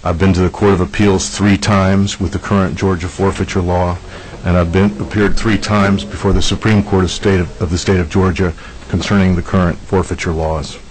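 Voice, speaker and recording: A man in his sixties, a defense attorney, giving formal testimony to lawmakers in a measured, deliberate way. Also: low-pitched, a little hiss or hum, poor audio. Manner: measured, deliberate, some filler uhs.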